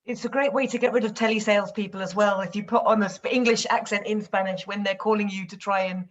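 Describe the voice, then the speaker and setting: A woman's voice: medium pitch, steady tone, quick pace. A woman in an online seminar, telling an amused anecdote, heard over slightly dull video-call audio. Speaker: seminar participant.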